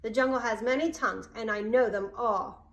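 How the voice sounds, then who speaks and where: A woman's voice: fairly high pitch, normal speed, close to an everyday voice. Woman reading as a sulky boastful jungle boy. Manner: sulky, showing off. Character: sulky, boastful young boy raised by wolves. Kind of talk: storybook read-aloud.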